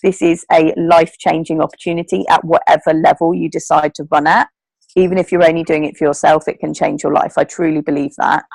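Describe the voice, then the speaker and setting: A woman's voice: low voice, level tone, fairly quick, vocal fry, a little mellow, no echo, poor audio. A woman, leading her team on a group video call, talking in a chatty, earnest way with plenty of fillers. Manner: chatty, earnest, emotional, with many fillers and laughs. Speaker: network marketing team leader.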